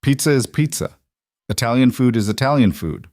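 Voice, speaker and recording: A man voicing a calm, assured mafia boss with a dry, amused manner in an audiobook. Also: medium pitch, moderate pace, dry recording, voice pushed up, close to an everyday voice. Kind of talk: audiobook character voice.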